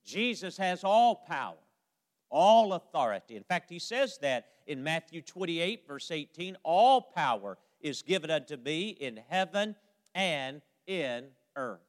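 A man's voice: on the high side, sing-song, unhurried. A man preaching a sermon, quoting scripture emphatically and drawing out the ends of his phrases. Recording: long hall reverb.

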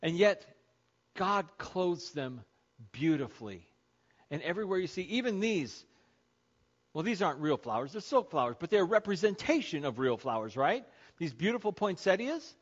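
A man's voice: a little high, big pitch swings, moderate pace, lo-fi sound. A man preaching a sermon as pastor to his congregation, conversational and joking with them. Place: church sanctuary.

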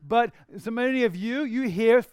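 Male pastor, chatty animated sermon delivery, smooth resonant higher voice. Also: normal speed, no room sound, studio quality. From Australia. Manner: conversational, animated preaching with acted-out asides.

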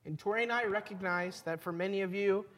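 A man, a pastor, preaching a sermon in a conversational storytelling way, pausing for emphasis. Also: sits high, fairly bright tone.

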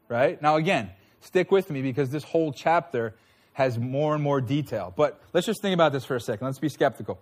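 A man preaching a sermon in a conversational way, often checking in with his listeners. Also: fairly high pitch. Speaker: pastor.

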